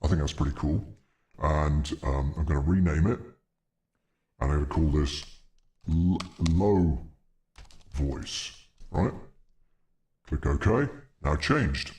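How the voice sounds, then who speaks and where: A man talking through a pitch effect that drops his voice very deep, sometimes making mock-stern announcements. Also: slow, long pauses, darkish tone. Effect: pitch-shifted down into a very deep voice.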